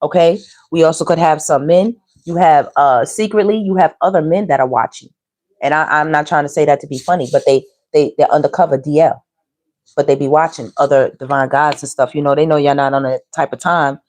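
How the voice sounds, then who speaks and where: A woman's voice: sits low, a little fast, a little mellow. A woman giving a casual, teasing tarot reading straight to her viewers. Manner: chatty, teasing, talks straight to viewers with slang. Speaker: tarot reader.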